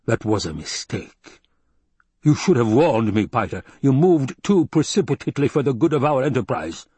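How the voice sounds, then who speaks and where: A man's voice: mid-range voice, lively intonation, moderate pace, dark tone, breathy edge, dry recording. A man voicing a cruel, imperious fat baron who snaps out demands and questions. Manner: snappish and demanding.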